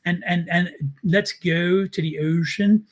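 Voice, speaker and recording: A man with a Baltimore accent and a fairly high voice, chatting casually on a live tarot stream. He tells stories in an animated, rambling way, his pitch riding up and down. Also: slow. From Baltimore, United States. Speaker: tarot reader and co-host.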